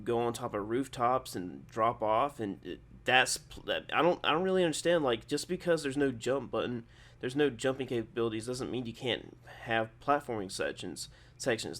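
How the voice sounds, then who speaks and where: A young man running a gaming channel offers casual video game commentary in a mid-range, fairly bright voice. He rambles and digresses, frequently correcting himself, and partly reads from his own post.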